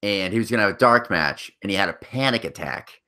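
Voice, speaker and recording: A man's voice: on the low side, animated, brisk, bright, forceful tone. A man co-hosting a podcast in casual, profane chat, passing along news and rumors. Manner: profane, rumor-sharing banter. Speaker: podcast co-host.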